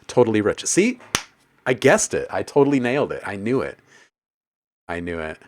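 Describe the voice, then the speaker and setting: A man hosting a casual live stream about making music, joking with his chat, reading their messages aloud and laughing often. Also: deep voice. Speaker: livestream host and music producer.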